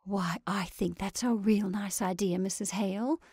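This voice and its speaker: A woman voicing a timid, middle-aged sheriff's wife in a read-aloud story, speaking in a hushed, shrinking way. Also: medium pitch, steady tone, normal speed, slightly rough, dry recording, studio quality. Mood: flustered. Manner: hushed, shrinking, half-whispered.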